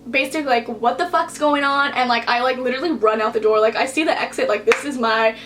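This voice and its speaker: A young woman talks straight to her camera in a storytime vlog. Her voice sits high, and she tells the story casually and animatedly, leaning on "like" and acting out what everyone said. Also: quick pace, noisy background. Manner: animated, expressive, heavy use of "like", acts out quotes. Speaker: vlogger.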